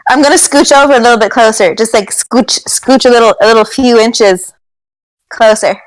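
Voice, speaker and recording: A woman playing a tabletop game, excitable and giggly as she describes her character's actions. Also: a little high, normal speed, dry recording, low-quality recording. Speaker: player. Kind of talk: tabletop role-play.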